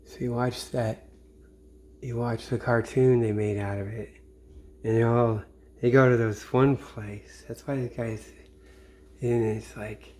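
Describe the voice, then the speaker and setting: A man's voice: medium pitch, normal speed, darkish tone. A man from Missouri in a rambling late-night monologue. He swears a lot and often trails off into mutters. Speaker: vlogger.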